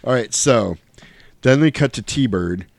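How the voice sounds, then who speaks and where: A man casually recapping a movie in chat, animated and swearing, mimicking the characters' lines in high silly voices. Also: slow pace, dry recording. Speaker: podcast host recapping a film.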